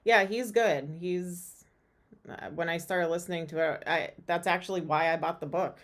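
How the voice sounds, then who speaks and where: A woman with a lowish voice talks through a casual live stream as a tarot reader host. Her talk is chatty and rambling, full of fillers. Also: normal speed. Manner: chatty and rambling, with many fillers and frequent laughs.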